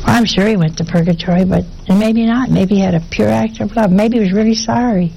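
A woman's voice: medium pitch, fairly quick, gravelly, mellow, slight background noise, poor audio. A woman giving a sermon in a folksy, conversational way, often asking her listeners rhetorical questions. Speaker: preacher.

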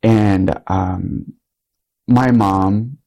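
A young man who serves as a Catholic priest, speaking in an easy, conversational way during an interview. His voice sits somewhat low, and his delivery is earnest and reflective, with plenty of loose filler words as he tells his story. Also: fairly even intonation, very slow, warm tone, rough recording.

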